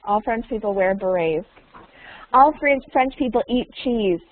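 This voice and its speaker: A woman teaching English online, speaking slowly and deliberately and repeating key words so learners can follow. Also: on the high side, animated. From United States. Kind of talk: online language lesson. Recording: tinny phone-like online call audio.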